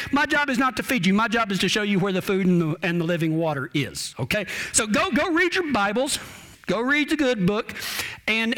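A man's voice: very high voice, bright, forceful tone. A man preaching a folksy, homespun sermon, often repeating words as he restarts his sentences. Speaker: cowboy preacher.

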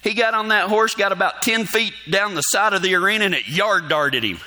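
A man's voice: sits high, brisk, sharp tone. A man preaching, telling a folksy story and chuckling often as he talks. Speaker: pastor. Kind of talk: storytelling sermon.

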